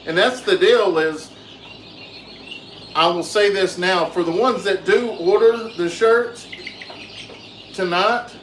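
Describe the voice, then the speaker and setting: A man hosting a casual farm vlog outdoors, chatting with viewers and talking softly to his animals. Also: high-pitched, takes it slowly, long pauses. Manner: easygoing, soothes animals softly. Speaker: farm channel host. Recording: echoey with loud outdoor noise.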